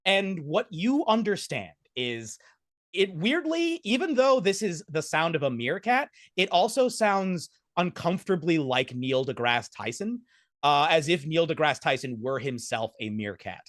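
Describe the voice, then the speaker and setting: A man's voice: fairly high pitch, big pitch swings, measured pace, fairly bright tone, dry recording, studio quality. A man narrating a tabletop game as game master, rambling with restarts. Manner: rambling, full of fillers and restarts.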